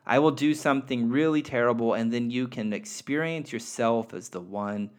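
A man's voice: mid-range voice, moderate pace, lightly acted. A man reading the part of a loving, playful soul spirit who speaks tenderly and reassuringly.

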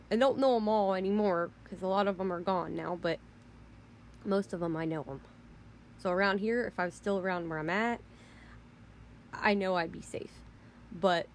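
A woman's voice: fairly low pitch, fairly even intonation, moderate pace, long pauses, slight background noise. A woman hosting a podcast, ranting in an indignant, heated way with mild swearing and frequent restarts. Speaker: podcast host. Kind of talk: casual rant.

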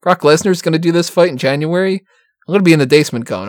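A man's voice: on the high side, animated, quick pace, dry recording, clean studio sound. Profane, laughing man in casual chat. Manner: profane, laughing often, rambling.

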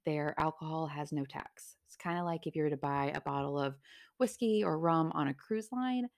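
A woman's voice: sits low, vocal fry, a little mellow, no room sound, clean studio sound. A young woman hosting a casual solo podcast, chatty and self-deprecating as she talks. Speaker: podcast host.

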